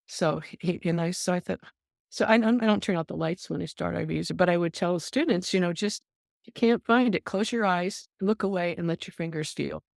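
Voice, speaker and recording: An older woman, a nurse, telling stories in an interview. She is an animated storyteller who acts out the voices she quotes and often says "um". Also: on the low side, moderate pace, vocal fry, dry recording, studio quality. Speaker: nurse guest.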